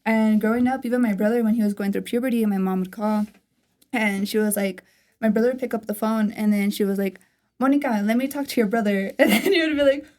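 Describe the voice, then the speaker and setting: A young woman with a raspy voice hosting a casual podcast chat, laughing often and swearing freely. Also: fairly high pitch, fairly even intonation, quick pace, darkish tone. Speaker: podcast host.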